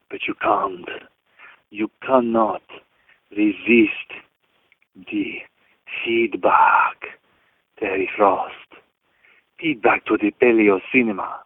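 A man's voice: on the low side, slightly rough, no echo. A man leaving a voicemail as a caller, putting on a hammy foreign accent that he keeps dropping and picking back up, and crooning bits of a song. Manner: sings snatches of a song. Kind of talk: voicemail feedback. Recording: tinny phone line voicemail.

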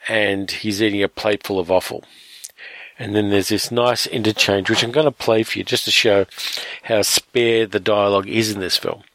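A man reviewing a film in casual commentary, relaxed and retelling the plot with fillers. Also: fairly low pitch, normal speed, no echo.

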